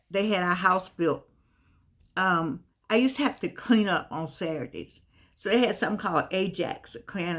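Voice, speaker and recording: A woman vlogging in a casual, meandering monologue that often circles back and repeats itself. Some of her words come out slightly slurred because of missing teeth. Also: medium pitch. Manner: chatty, meandering, repeats herself.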